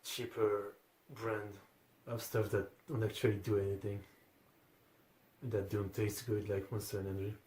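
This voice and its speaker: Sleepy man with a low voice. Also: normal speed. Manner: relaxed, offhand, swears casually. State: sleepy, yawning. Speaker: anime reaction host. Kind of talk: casual commentary. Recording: echoey room, faint background hiss.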